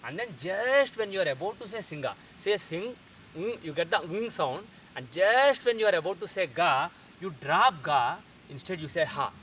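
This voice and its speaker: A man teaching pronunciation in a methodical lecture, repeating sounds slowly to show them. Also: high-pitched, lively intonation, a bit bright. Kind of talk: explanatory lecture. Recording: distant mic with faint hiss.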